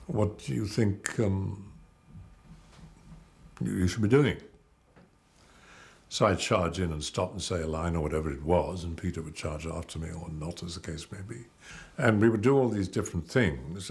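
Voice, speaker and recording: An older male actor being interviewed, telling measured, rambling anecdotes about his career. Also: deep voice, vocal fry, darkish tone. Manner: measured, anecdotal storytelling with digressions. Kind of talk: reminiscing interview.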